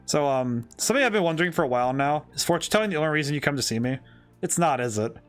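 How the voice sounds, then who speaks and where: Earnest young female fortune teller, read by a man in his own voice, calm and sincere, slightly high-pitched. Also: racing, soft background music, lightly acted.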